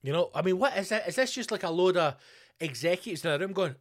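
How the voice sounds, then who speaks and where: A man's voice: high voice, expressive, quick pace. Sweary Scottish man ranting. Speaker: podcast host. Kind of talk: casual solo podcast rant.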